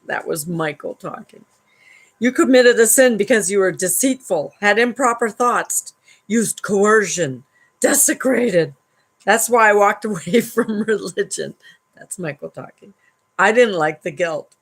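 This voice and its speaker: A woman's voice: medium pitch, animated, unhurried, slightly rough, low-quality recording. A woman hosting a live stream at home, reading a book aloud and adding wry commentary, laughing often between passages.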